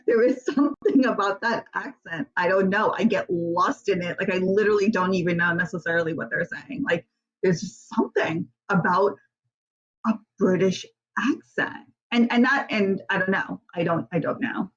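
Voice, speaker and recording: A woman's voice: medium pitch, normal speed, muffled recording. A woman guest answering interview questions casually, rambling with many fillers and restarts and laughing often.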